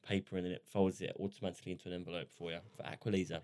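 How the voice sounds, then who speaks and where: A man's voice: deep voice, level tone, rapid-fire, a little mellow, no echo, clean studio sound. A young man co-hosting a podcast, chatting casually, laughing often and swearing freely. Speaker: podcast co-host. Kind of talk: casual chat.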